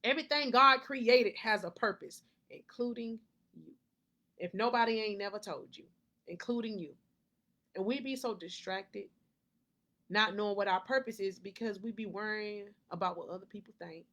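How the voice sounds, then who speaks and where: A woman's voice: medium pitch, normal speed, bright, forceful tone. Woman coach, preachy faith pep talk, repeats her lines, laughs often. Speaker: life coach. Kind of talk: motivational faith talk to camera.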